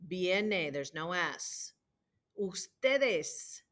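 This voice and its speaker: A woman's voice: on the low side, lively intonation, extremely slow, a bit bright. Woman teacher drilling verb forms. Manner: patient, drilling conjugations aloud. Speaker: Spanish teacher. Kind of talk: recorded homework walkthrough.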